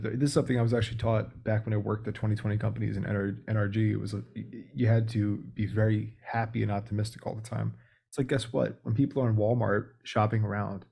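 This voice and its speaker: Male podcast guest, low gravelly voice, warm and a bit husky, relaxed coaching tone. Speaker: podcast guest, sales leader. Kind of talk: casual explanatory interview talk.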